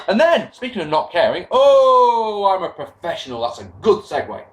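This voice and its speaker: A man's voice: high voice, moderate pace, background noise. A young man recapping a wrestling show in a casual, sarcastic rant, swearing as he goes. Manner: sarcastic, swearing, animated rants. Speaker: wrestling podcast host.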